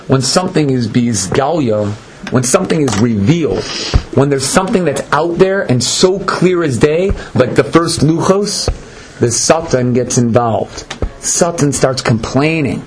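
Medium in pitch and normal in speed, a man gives a lively Torah lecture, stressing points dramatically and performing the lines of figures in the story. The lecture recording is noisy.

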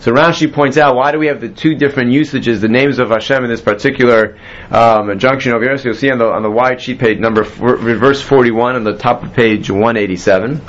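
A man's voice: medium pitch, fairly quick, muffled recording. Man teaching a Bible class. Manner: explains step by step, quizzes students. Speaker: Torah teacher.

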